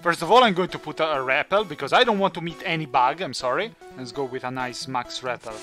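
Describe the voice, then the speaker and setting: A man's voice: a little high, quick pace, sharp tone, faint music behind. A man who is not a native English speaker, chatting and joking through his let's play. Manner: chatty, jokey, thinks aloud. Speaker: gaming channel host.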